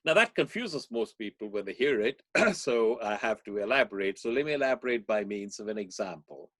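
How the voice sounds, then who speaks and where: A man being interviewed on a podcast, explaining ideas through animated storytelling. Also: lowish voice, a little fast, hardly any pauses, dry recording. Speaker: guest speaker.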